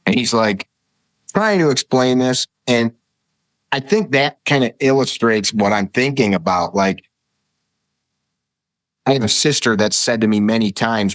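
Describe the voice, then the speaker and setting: A man's voice: medium pitch, expressive, moderate pace, dry recording. A man, a podcast guest, telling rambling, vivid stories in casual conversation. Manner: rambling, vivid anecdotes with acted-out quotes. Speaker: podcast guest, firearms instructor.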